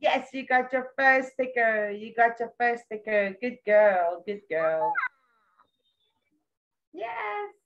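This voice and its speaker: A woman tutoring a young child one-on-one, patient and full of praise, repeating words slowly. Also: a little high, a bit bright, lo-fi sound. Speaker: English tutor.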